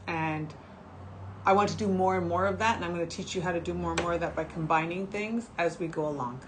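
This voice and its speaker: A chatty, emotional woman in her sixties presents skincare products for a shopping channel brand on a casual livestream, talking directly to her viewers. She has a lowish voice and talks fast, with background noise in the recording.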